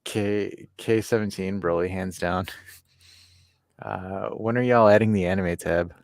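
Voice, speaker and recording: A man's voice: sits low, steady tone, unhurried, no echo, studio quality. A man co-hosting a livestream podcast, chatting casually, rambling, swearing and reading out chat messages. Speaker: podcast co-host.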